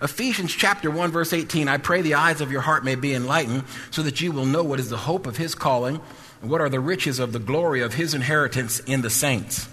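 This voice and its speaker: A male preacher, preaching a sermon in a shouting, sing-song style with bursts of laughter. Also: fairly high pitch, a little fast, husky, big-room sound.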